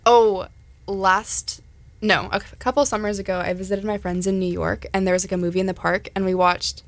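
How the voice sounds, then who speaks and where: A young adult woman co-hosting a casual chat, relaxed and quick to laugh, with hesitant fillers. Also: mid-range voice, no echo.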